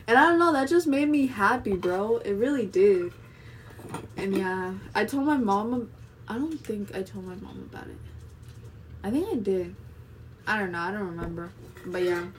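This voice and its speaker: A young woman talking casually to camera, chatty and rambling, with fillers in nearly every phrase. Her voice sits a little back from the mic, with a faint hiss of background noise behind it. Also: mid-range voice. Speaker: vlogger. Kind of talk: casual monologue vlog. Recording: voice a bit distant from the mic.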